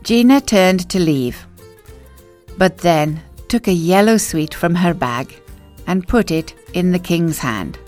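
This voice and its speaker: Woman reading a children's story, slow and lively. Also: fairly low pitch, faint music behind. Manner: expressive, clear, unhurried storytelling. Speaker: narrator.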